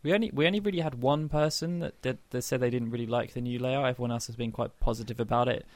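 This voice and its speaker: A man's voice: mid-range voice, fast, no room sound. A man hosting a casual gaming podcast, chatty and rambling with frequent restarts. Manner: rambling, chatty, laughs often. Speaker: podcast host.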